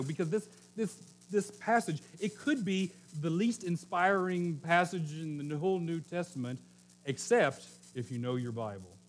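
This sermon comes from a middle-aged man from Oklahoma, a pastor with a medium-pitched voice who preaches through casual storytelling, cracking jokes and correcting himself. A little hiss or hum runs under the recording.

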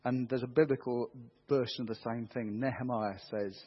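Husky man preaching a rousing sermon. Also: medium pitch, fairly even intonation, normal speed. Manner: earnest, rousing, quoting scripture with rising force. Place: church. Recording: dull muffled church recording.

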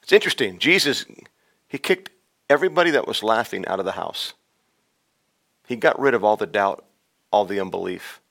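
A man preaching a sermon on a podcast, swinging between loud urgent exhortation and hushed, intimate storytelling. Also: on the low side, lively intonation, normal speed, vocal fry, long pauses. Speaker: pastor. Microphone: podcast microphone.

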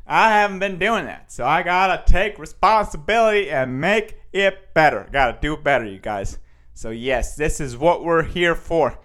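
A young man with a high, bright-sounding voice hosts a goofy solo podcast. He talks in an animated, self-motivating way, looping his phrases and swinging between loud bursts and quieter asides. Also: smooth. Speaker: podcast host and stand-up comedian. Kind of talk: casual solo podcast monologue.

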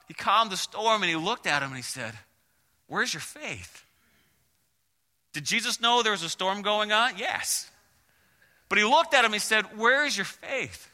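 A man's voice: fairly high pitch, bright, forceful tone, big-room sound. A man preaching a sermon, telling stories with animation and acting out the people in them. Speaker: pastor.

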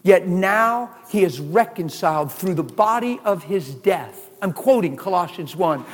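A man preaching a sermon, animated, with shouted exclamations and laughing asides. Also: high voice, measured pace, hardly any pauses, long reverb tail.

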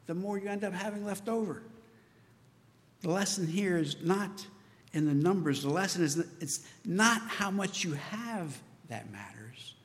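A man preaching a sermon, telling the story with lively asides and acting out the disciples' voices. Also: sits high, in a large hall. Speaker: pastor.

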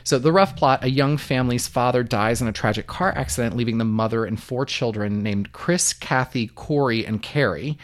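A man co-hosting a casual podcast, recapping a movie plot in an animated, jokey, profane way. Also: mid-range voice, normal speed, hardly any pauses. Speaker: podcast co-host.

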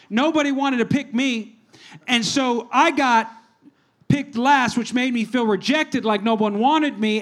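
A male pastor giving a casual, conversational sermon in a church, moving between hushed prayer and animated storytelling. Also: extremely high pitch.

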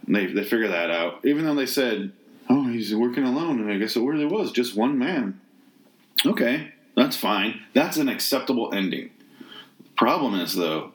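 A man with a somewhat low voice tears into a film he hated, exasperated and swearing freely. His delivery rambles and restarts, full of sarcasm and disbelief. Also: fairly bright tone. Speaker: movie reviewer. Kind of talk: ranting movie review.

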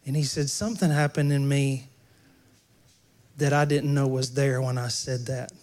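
A man's voice: mid-range voice, fairly even intonation, moderate pace, a little mellow. A man preaching a sermon in a church, talking conversationally and joking with the congregation. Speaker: pastor.

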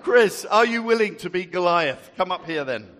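A jovial man with a high, bright voice tells a story to a group and jokes with volunteers. He speaks at an unhurried pace, and his voice rings through a large, echoey hall. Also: animated. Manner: jovial, chatty, laughs often. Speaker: storyteller leading a group activity. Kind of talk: interactive Bible storytelling to a group.

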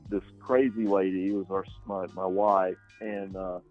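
A man's voice: low-pitched, little pitch movement, normal speed, a little mellow, soft background music. A male actor being interviewed, speaking casually and hesitantly, with many ums and restarts. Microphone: radio show microphone. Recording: dull, lo-fi sound.

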